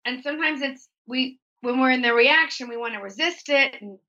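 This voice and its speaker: Female interview guest with a fairly high, bright voice. She speaks candidly and reflectively and acts out her own thoughts. Dull lo-fi audio. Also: fairly quick.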